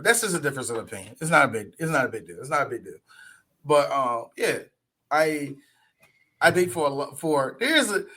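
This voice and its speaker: A man co-hosting a podcast in casual chat, animated and profane, often laughing as he rants. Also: fairly high pitch. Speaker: podcast co-host. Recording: audio podcast.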